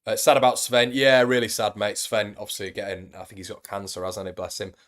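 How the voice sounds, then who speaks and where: Young lad streaming, lowish voice, chatty, reads comments and says mate a lot. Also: male voice, level tone, a little fast, a bit bright. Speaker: football fan channel host. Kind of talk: casual live-stream chat.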